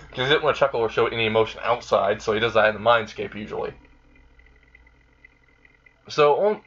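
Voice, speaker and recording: A man's voice: medium pitch, a bit bright, muffled recording. A man casually retelling a fan-made story in a rambling way, with many fillers. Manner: rambling, frequent fillers and laughing.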